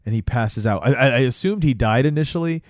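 A man's voice: mid-range voice, fast, no echo. Dry-voiced casual man recapping a film. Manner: rambling, swears, keeps asking "right?". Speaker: podcast co-host.

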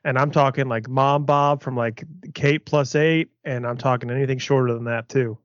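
A man's voice: mid-range voice, steady tone, normal speed, no room sound. A man hosting a podcast, asking blunt, joking questions in a casual chat. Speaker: podcast host. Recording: slightly muffled dry podcast recording.

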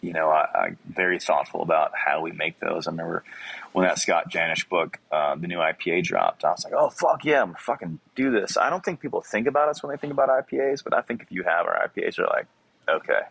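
A man's voice: deep voice, fast, vocal fry, fairly bright tone, slightly rough. A man who runs a small brew pub, talking in a rambling, profane, passionate way in a casual podcast interview. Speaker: brewer, brew pub owner.

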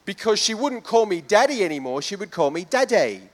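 A man's voice: high voice, big pitch swings, a little fast. A man, a pastor with children, preaching a sermon in a conversational way that builds to fervent emphasis. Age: adult with children.

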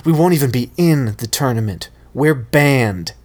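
A man's voice: mid-range voice, animated, measured pace, darkish tone, lightly acted. A man voicing a sullen, stubborn teenage boy who mumbles back at his teacher in a storybook reading. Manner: mumbling, sulky.

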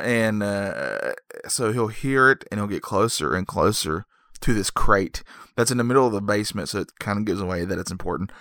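A man's voice: fairly low pitch, fairly bright tone, dry recording, studio quality. A man rambling through a comedic plot recap, full of digressions and self-mocking jokes.

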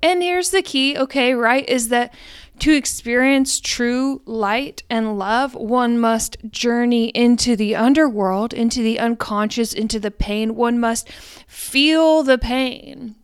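A young woman with a high, smooth voice talks slowly through a spiritual podcast monologue. She is frank and profane, and keeps questioning herself as she rambles. The sound is close and dry. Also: no room sound. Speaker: podcast host.

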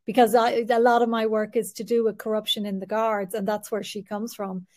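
A woman's voice: mid-range voice, level tone, fairly quick, darkish tone. A woman hosting an interview, talking casually with many fillers. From Ireland. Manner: hesitant, fills with um and you know. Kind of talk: conversational interview.

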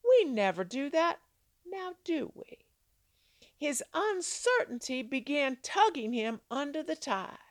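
Animated high-voiced woman giving a devotional. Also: slow, no room sound. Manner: dramatic storytelling with rhetorical questions; acts out quoted lines with big pitch jumps. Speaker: Christian devotional speaker. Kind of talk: devotional Bible teaching.

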